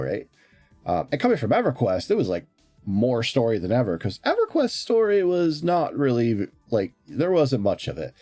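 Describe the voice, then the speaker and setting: A man's voice: medium pitch, mellow, slightly rough, no room sound. A man streaming in casual chat, rambling along with frequent fillers and restarts.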